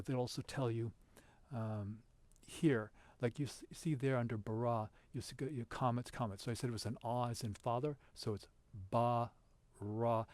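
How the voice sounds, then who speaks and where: A man giving an informal lesson over a shared screen, patient and explanatory, pausing often with fillers and restarts. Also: medium pitch, darkish tone. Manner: halting, with many fillers and restarts. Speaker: teacher.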